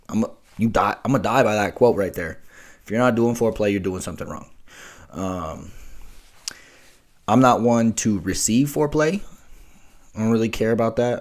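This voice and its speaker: A young man talking frankly in casual chat on his own vlog, slangy and laid-back. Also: fairly low pitch. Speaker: vlogger host.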